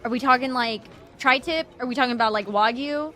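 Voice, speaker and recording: A young woman streaming a game, gushing and stammering with excitement as she reads the story aloud at a desk microphone. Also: a little high, a little fast, soft background music. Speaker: VTuber streamer. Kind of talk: game playthrough with reaction and read-aloud narration.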